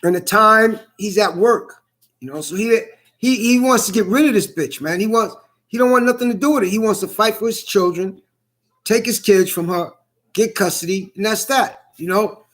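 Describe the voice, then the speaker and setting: A middle-aged man with a strikingly high, bright and forceful voice delivers a blunt, profane rant. He talks bluntly and keeps circling back to the same points. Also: moderate pace. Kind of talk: ranting monologue.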